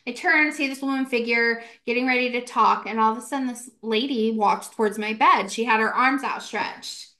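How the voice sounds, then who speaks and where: A young woman in her twenties, co-hosting a casual podcast, recounts a ghost story. Her voice sits a little high, and she talks fast and animatedly, packed with "like" fillers and acted-out quotes. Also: pushed and bright. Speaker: podcast co-host.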